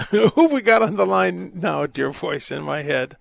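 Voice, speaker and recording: A man's voice: sits high, lively intonation, moderate pace, no echo. A man, a priest hosting a call-in radio show, giving earnest pastoral advice with jovial asides. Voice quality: gravelly. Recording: dry close studio mic.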